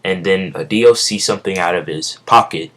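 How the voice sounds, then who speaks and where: A man's voice: low-pitched, normal speed, fairly bright tone. A young man improvising a fan story, rambling with many fillers and self-corrections. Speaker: amateur storyteller.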